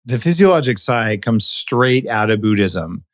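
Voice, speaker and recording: A man hosts a podcast in a lively, opinionated way, throwing in quick asides. His voice sits at a middle pitch. The sound is dry and close. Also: no room sound. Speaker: podcast host. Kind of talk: casual interview chat.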